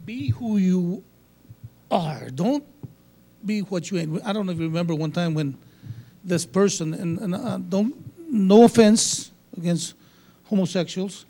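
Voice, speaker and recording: High-voiced earnest pastor, mellow tone. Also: male voice. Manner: earnest, halting, restarts phrases. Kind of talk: casual sermon-like talk.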